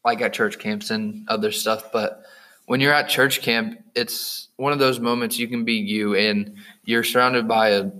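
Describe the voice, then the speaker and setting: Teen guy, low voice with a bright edge, earnest and soft-spoken. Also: fairly even intonation, unhurried, rough recording. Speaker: podcast host. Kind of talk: casual chat.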